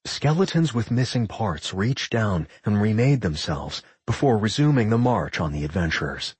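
A man narrating a fantasy audiobook in an expressive storytelling manner. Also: fairly low pitch, moderate pace, husky, dry recording.

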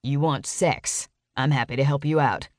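A woman's voice: normal speed, a little mellow, no room sound, clean studio sound. Woman growling as an angry possessive man. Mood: gruff. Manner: low, gruff growl. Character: angry, possessive young man, low and threatening. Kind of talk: audiobook character voice.

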